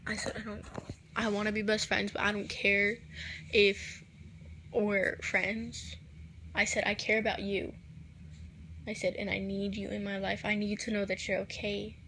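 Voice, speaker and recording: A woman telling a personal story to camera, recounting quoted text messages in a soft, halting voice that drops at times to near a whisper. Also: mid-range voice, level tone, slight background noise. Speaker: vlogger.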